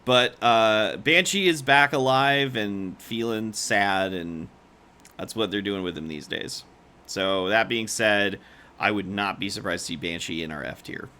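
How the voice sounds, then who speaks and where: A man's voice: fairly low pitch, measured pace, sharp tone. A man co-hosting a podcast, leading a casual, swear-laced chat and steering the discussion. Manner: chatty, swears freely, leads the discussion. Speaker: podcast co-host. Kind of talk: casual comic-book ranking chat.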